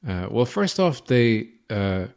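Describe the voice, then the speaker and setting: A man's voice: medium pitch, very animated, slow, creaky, darkish tone, clear, resonant tone. An Irish man hosting a podcast, telling a comic story in a rambling, self-deprecating, crude manner. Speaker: podcast host.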